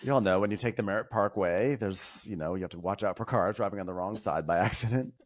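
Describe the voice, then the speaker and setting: A man guesting on a podcast, chatting casually and slipping into quick mocking impressions, laughing often. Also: on the low side. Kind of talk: casual chat.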